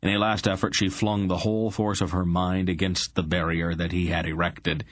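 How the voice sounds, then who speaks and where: A man narrating a fantasy audiobook in a steady, unhurried way. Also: deep voice. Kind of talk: scripted narration.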